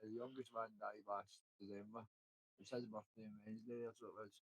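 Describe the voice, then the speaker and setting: Fast-talking Scottish man in his twenties. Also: lowish voice, little pitch movement, a bit bright, husky, poor audio. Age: 20s. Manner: plain-spoken, sweary, tells personal stories. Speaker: podcast guest. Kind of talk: candid casual chat. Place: outdoors by a river while fishing.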